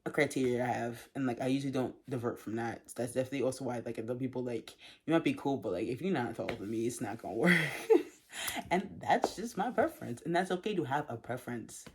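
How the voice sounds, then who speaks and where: A young woman vlogger telling a storytime in a chatty, animated way, full of fillers and laughs. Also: very deep voice, fast talker, husky. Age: young adult. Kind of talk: storytime vlog.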